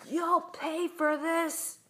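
Older woman voicing a gruff, kid-hating old man in a storybook, gravelly, slow. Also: medium pitch, noisy background. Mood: furious. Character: grumpy old man neighbor who hates kids.

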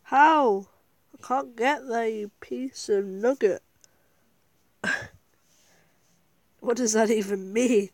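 A woman giving casual, chatty gameplay commentary as a gaming vlogger, thinking aloud and getting excitable. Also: fairly high pitch, slow, long pauses, no room sound.

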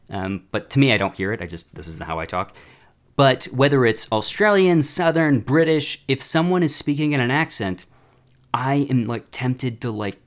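Rambling young man with a lively voice. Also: medium pitch. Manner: rambling, self-deprecating, trips over words. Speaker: show host. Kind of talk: casual talk on a book.

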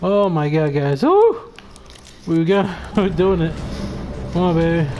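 A gamer with a medium-pitched voice gives unhurried live commentary over music while playing. He swears constantly and breaks into panicky shouts at the game.

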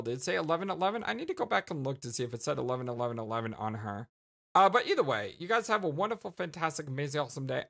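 A woman with a fairly low, stuffy and congested voice hosts a let's play from a home setup. She reads the game text aloud and chats with her viewers, her pitch rising and falling a lot as she goes. She giggles often and ends on an affectionate sign-off. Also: creaky. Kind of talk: reading a game aloud with commentary.

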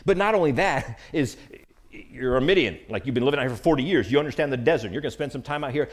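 A man preaching a sermon, animated and acting out the lines of Bible characters. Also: medium pitch, quick pace. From United States.

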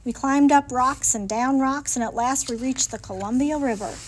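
A woman reading a picture book aloud in a lively, folksy storytelling manner, in a library. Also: sits high, normal speed, few pauses.

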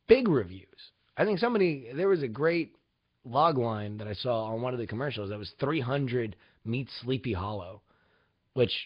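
A young man rambles through casual host commentary, swearing freely and turning sarcastic. His pitch swings up and down with lively energy. The recording is dull and lo-fi. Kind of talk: casual talk-show commentary.

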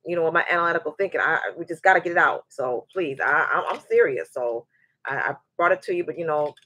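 A woman in her forties hosting a live show, chatting and telling a story in a lively way, often restarting her sentences. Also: sits low, fast talker, slightly rough, dry recording. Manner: animated, repeats words as she restarts, acts out quoted voices. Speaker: show host. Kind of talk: casual livestream chat and storytelling.

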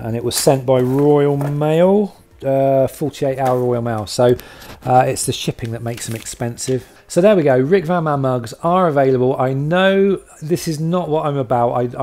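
A man's voice: medium pitch, dark tone. A man hosting a casual video log, chatty and self-deprecating, rambling with lots of fillers. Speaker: channel host.

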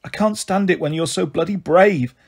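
A man's voice: high-pitched, a little fast, a little mellow, slightly rough. A man voicing a weary, sore mother in a hospital bed who swears and complains in a groggy, blunt way.

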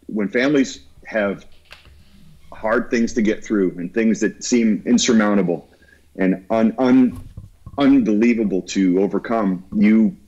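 A man, a guest musician, talking earnestly and haltingly about a lost friend in an interview. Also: lowish voice, darkish tone, muffled recording. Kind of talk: heartfelt interview talk.

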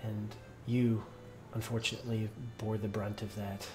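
A man's voice: lowish voice, level tone, normal speed, music in the background, close to an everyday voice. A man voicing a grieving, remorseful male city lord who stammers and repeats his words.

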